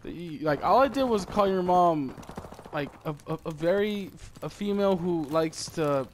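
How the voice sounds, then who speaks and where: A young male gamer with a fairly high, very lively voice streams unhurried commentary, swearing and trash-talking during live gameplay. Noisy game audio with gunfire and clicks plays in the background.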